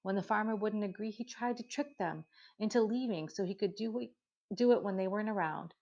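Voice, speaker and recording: A woman reading as a skeptical sharp young girl. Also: mid-range voice, fairly quick, close to an everyday voice. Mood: scoffing. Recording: dull lo-fi recording.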